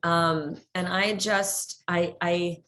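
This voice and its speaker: Energetic middle-aged woman, low voice. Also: very slow, a little hiss or hum. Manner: energetic, laughs often, repeats words as she talks. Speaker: guest. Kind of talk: casual interview chat.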